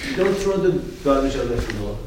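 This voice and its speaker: A man's voice: mid-range voice, sing-song, fairly quick, a little mellow. Student guy calling out answers, far off the mic, echoey room with faint hiss. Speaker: student in the class. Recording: distant, roomy, faint background noise.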